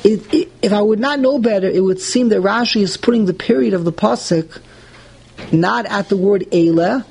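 High-voiced man teaching a text class. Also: moderate pace, gravelly, slight background noise, low-quality recording. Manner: translates phrase by phrase, animated and indignant at points. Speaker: Torah teacher.

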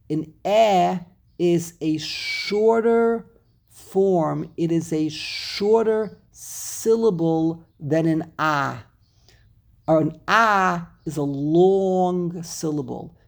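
Gravelly man teaching a text lesson. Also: a little high. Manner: animated, rhetorical questions, reads Hebrew terms aloud. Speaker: Torah teacher.

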